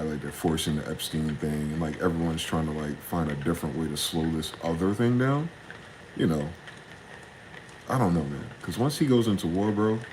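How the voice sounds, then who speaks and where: A young man, ranting in a casual, profane solo monologue, jumping from heated questions to low muttering. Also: slight background noise, rough recording. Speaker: podcast host.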